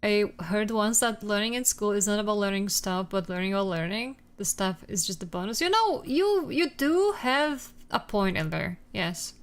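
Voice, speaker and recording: A woman's voice: mid-range voice, expressive, normal speed, few pauses, clear, resonant tone. Casual swearing woman streamer. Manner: rambling and swearing, exasperated rants. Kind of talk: casual chat with viewers.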